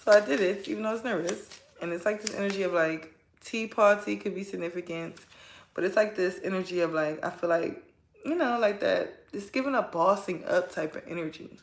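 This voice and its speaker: A woman's voice: mid-range voice, a little fast, gravelly, roomy sound. A woman giving a casual spoken tarot reading, chatty and rambling, often tagging her points with a question. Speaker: tarot reader.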